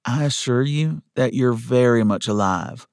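A man voicing a feisty, sharp-tongued young woman schoolteacher in an audiobook. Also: mid-range voice, a little slow, clear, resonant tone, no echo, studio quality, pitched above the performer's own voice, lightly acted. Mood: tart. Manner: clipped, scolding.

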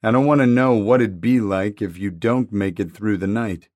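A man's voice: lowish voice, normal speed, darkish tone, no room sound, lightly acted. A man voicing a hurt teenage boy who speaks in short, breathless gasps in a storybook reading. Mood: strained. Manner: breathless, wheezy. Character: teenage boy with broken ribs, gasping.

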